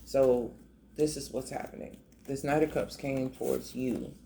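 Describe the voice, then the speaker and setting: A man with a gravelly, mellow voice gives a tarot reading in a loose, emotional, conversational way, often restarting his sentences. A faint hiss of background noise sits under his voice. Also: mid-range voice, steady tone, a little slow. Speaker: tarot reader. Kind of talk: casual tarot reading to camera.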